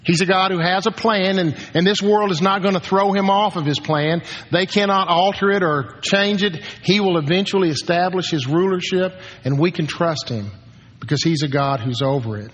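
Older guy pastor preaching hard, kinda high husky voice, hushed then yelling, big echoey church hall. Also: normal speed, highs cut off. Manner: impassioned preaching, swings from hushed to shouted commands. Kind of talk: sermon. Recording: long hall reverb.

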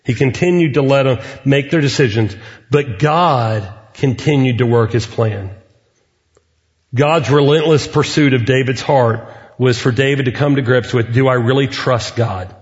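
A middle-aged man preaching a sermon as a pastor, earnest and deliberate, with measured pauses. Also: mid-range voice. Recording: reverberant hall, muffled sound.

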